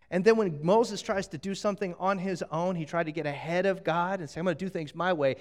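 High-voiced man preaching with playful asides. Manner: animated, jokey, acting out quick asides. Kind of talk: sermon.

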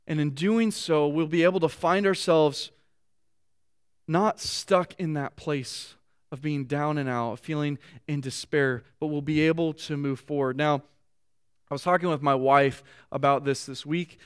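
High-voiced earnest male pastor preaching. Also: unhurried, clean tone. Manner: earnest, repeats words while reaching for thoughts; reads scripture aloud with feeling. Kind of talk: sermon.

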